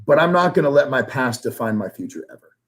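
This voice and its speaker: A man's voice: medium pitch, sing-song, fast talker, rough recording. Middle-aged man, interview guest, earnest, emotional, ordinary mid-range voice. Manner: earnest and emotional, grows louder when passionate. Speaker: guest, sales trainer and life coach. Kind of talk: candid interview talk.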